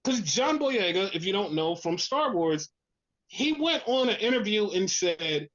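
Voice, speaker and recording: A podcast co-host rants casually at a measured pace, swearing constantly and sounding fed up. Animated and exasperated, he mimics others in a lower voice. The recording is muffled.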